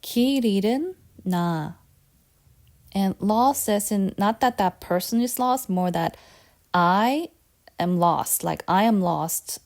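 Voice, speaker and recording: Mellow-voiced woman teaching vocabulary. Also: mid-range voice, expressive, measured pace. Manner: patient and repetitive, asks quiz questions. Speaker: Korean language teacher. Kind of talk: lesson.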